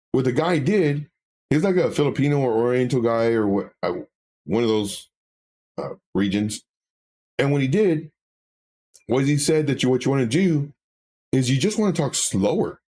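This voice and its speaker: A man's voice: medium pitch, animated, unhurried, long pauses, a little mellow. A man co-hosting a live stream, reading viewer comments and talking candidly, with many fillers and self-corrections.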